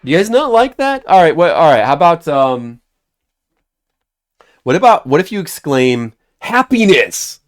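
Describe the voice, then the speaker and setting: A man's voice: on the high side, big pitch swings, moderate pace, pauses often, clear, resonant tone. A man streaming a video game who rambles in a goofy, joking way and talks to his chat. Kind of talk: casual game-stream chatter.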